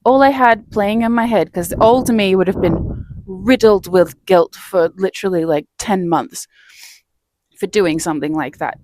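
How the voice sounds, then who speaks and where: A woman's voice: mid-range voice, measured pace, darkish tone, no room sound. A woman vlogger telling a personal story in a casual, chatty way, laughing between phrases. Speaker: self-help vlogger.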